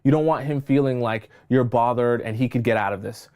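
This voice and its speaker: Here a dating coach talks a little fast in a smooth, darkish mid-range voice during his livestream. Insistent throughout, he repeats his points and punctuates them with "okay?" to make sure viewers are with him.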